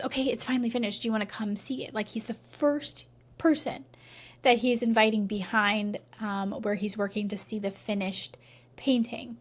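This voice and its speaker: A woman coach telling a faith-based story in casual talk, often checking in with "right?" and dropping to near-whispers at emotional points. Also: a little high. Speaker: relationship coach.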